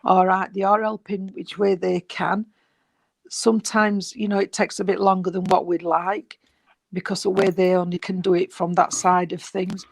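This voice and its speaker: A spiritualist medium giving a gentle, reassuring reading, rambling and repeating, with many fillers. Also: mid-range voice, flat delivery, moderate pace, vocal fry, no echo, rough recording. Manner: gentle, reassuring, calls the sitter sweetheart and darling. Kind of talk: mediumship reading at an online service.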